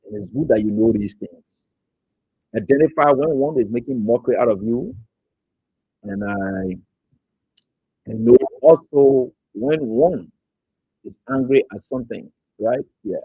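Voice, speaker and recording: A man's voice: medium pitch, unhurried, long pauses, slightly rough, dry recording, dull audio. A man from Liberia hosting an online talk show, greeting viewers by name and mocking his critics. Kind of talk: casual political commentary.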